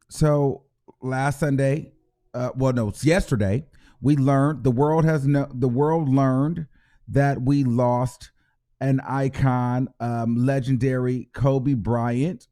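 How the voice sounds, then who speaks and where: A man's voice: mid-range voice, steady tone, slow pace, mellow. A man hosting his own vlog, talking in a rambling, emotional way, full of fillers and restarts. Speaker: show host. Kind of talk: casual vlog commentary.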